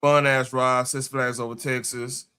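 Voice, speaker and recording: A man's voice: medium pitch, little pitch movement, measured pace, sharp tone, clear, resonant tone. A man hosting a casual podcast, chatting loosely with slangy phrasing and frequent restarts. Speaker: podcast host. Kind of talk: casual chat.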